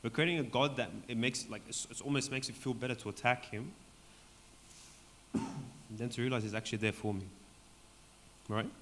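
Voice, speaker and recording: A man leading a Bible study for a group in a church hall, talking conversationally and often checking in with "right?", his voice going hoarse. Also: mid-range voice, fairly even intonation, normal speed, long pauses, a bit bright. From Australia. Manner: conversational, keeps asking "right?". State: voice going hoarse, clearing throat. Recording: long hall reverb, faint background noise.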